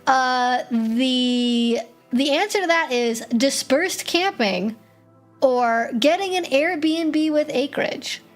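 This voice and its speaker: Brief: high-pitched woman streamer, blunt and profane, chatty Q&A host, faint music behind. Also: takes it slowly. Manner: blunt, profane, animated storytelling. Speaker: streamer hosting a Q&A. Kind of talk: casual livestream Q&A.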